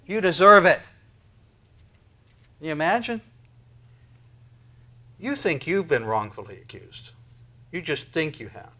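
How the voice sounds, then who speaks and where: A man preaching a sermon, talking to the congregation with rhetorical questions and swinging from loud emphasis to near whispers. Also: on the high side, very animated, unhurried, pauses often. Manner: emphatic preaching with sudden loud peaks and quiet drops. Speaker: pastor.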